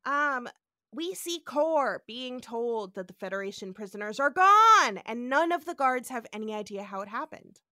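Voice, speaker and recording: A woman's voice: on the high side, lively intonation, normal speed, bright, forceful tone, no room sound, clean studio sound. A woman co-hosting a podcast, casually recapping an episode and acting out quotes with animation. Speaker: podcast co-host.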